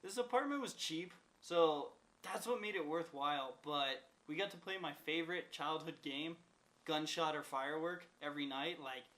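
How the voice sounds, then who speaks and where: A young man with a fairly high voice rambling through a casual storytime vlog. He swears freely and leans on "like" constantly, with a loose, offhand delivery. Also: normal speed, pushed and bright, poor audio. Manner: profane, rambling, lots of "like" fillers. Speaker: vlogger.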